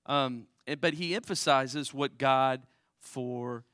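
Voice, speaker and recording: A man preaching a sermon, conversational and direct, often tossing "right?" to the congregation. His voice sits in an ordinary middle pitch and swings from raised emphasis down to quiet asides. The sound is dry, with little room echo. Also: slow pace, smooth. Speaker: pastor.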